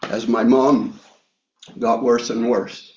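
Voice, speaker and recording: A man preaching a sermon, reading scripture and sharing a personal story in a reflective way with many pauses and fillers. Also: mid-range voice, fairly even intonation, background noise. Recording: echoey room, slightly dull sound.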